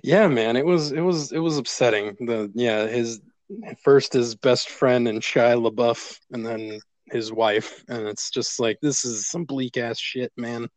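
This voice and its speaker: A relaxed man talking through a film with a friend in an easy podcast chat. He laughs a lot and swears casually. His voice sits in a middle pitch and the sound is dry and close. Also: a little slow, no room sound. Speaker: podcast co-host. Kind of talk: casual movie review chat.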